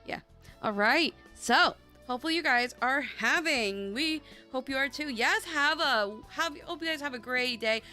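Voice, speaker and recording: A woman's voice: high-pitched, moderate pace, pushed and bright, faint music behind. A chatty woman hosting a casual tarot livestream, bubbly and swearing freely. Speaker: tarot reader and livestream host.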